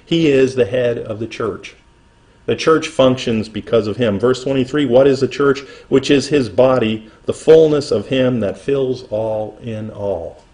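A man's voice: mid-range voice, a little mellow. Man preaching a sermon. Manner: earnest preaching, reading scripture slowly and rising in emphasis. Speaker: pastor.

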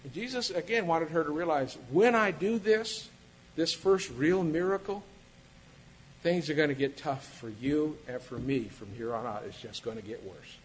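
A man preaching with a slightly high voice, talking in an easy, conversational way. He acts out the quoted lines, changing his pitch and loudness, and a faint rumble sits under the recording. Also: moderate pace, low-quality recording. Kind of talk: sermon.

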